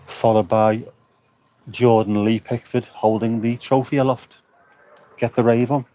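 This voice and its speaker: A man's voice: medium pitch, steady tone, unhurried, mellow. A man livestreaming from an outdoor air show, rambling and joking with his chat. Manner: jokey, rambling banter with chat.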